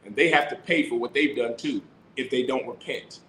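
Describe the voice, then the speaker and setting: Teaching scripture in sermon fashion, this male religious-class teacher has a mid-range, slightly bright voice at normal speed. He reads verses aloud and preaches with emphasis and rhetorical questions. The audio is poor and reverberant, with a little hiss or hum.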